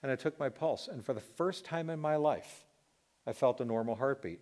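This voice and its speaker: A man in his fifties, a talk show host, telling a personal testimony as a lively story and acting out sounds and asides. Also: medium pitch, normal speed. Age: 50s.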